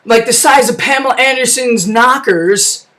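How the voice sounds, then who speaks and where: A comic narrator rambles through a parody movie recap full of slang and fillers, voice at a mid pitch and set a little back from the mic. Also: moderate pace, sharp tone, distant mic.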